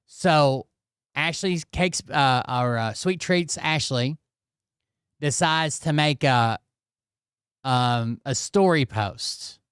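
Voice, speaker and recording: A man's voice: medium pitch, takes it slowly, a bit bright, clear, resonant tone, no echo, studio quality. A man ranting through casual commentary, swearing often and tagging his points with "okay?" and "blah, blah, blah.". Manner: profane, repeats "okay?" and "blah, blah, blah". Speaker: commentary channel host.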